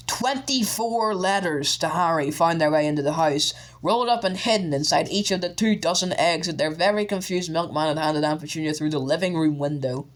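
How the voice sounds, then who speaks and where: A man narrating an audiobook with steady storytelling. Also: on the high side.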